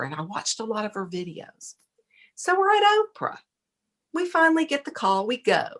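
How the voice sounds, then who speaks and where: Gravelly Texan woman telling a story. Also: mid-range voice. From Texas. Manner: animated, laughing storyteller. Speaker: podcast guest. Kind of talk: casual storytelling chat.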